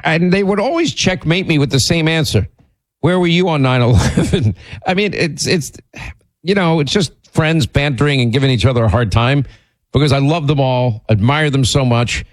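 Animated, rambling male radio host. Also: moderate pace, no room sound. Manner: voice jumps high when exasperated. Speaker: radio talk show host. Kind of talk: casual on-air banter.

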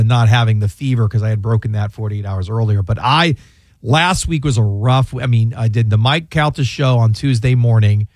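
A man's voice: mid-range voice, dry recording. A man hosting a casual radio talk show from a studio, rambling with lots of restarts and side stories. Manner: rambling, with many restarts and asides. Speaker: radio show host and lawyer. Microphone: close studio microphone.

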